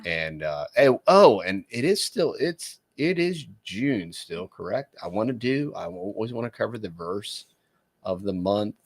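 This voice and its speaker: A man's voice: on the low side, big pitch swings, measured pace. A middle-aged Texan man with a Texan accent co-hosting a podcast in a rambling, folksy way. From Texas. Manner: rambling, folksy, lots of fillers. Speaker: podcast co-host. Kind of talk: casual podcast chat.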